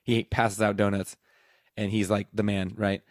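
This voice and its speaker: Male teacher, low-ish voice, casual rambling storyteller, dry sound. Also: flat delivery, normal speed, no echo. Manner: rambling, laughing mid-story, acting out dialogue. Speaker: teacher and podcast host.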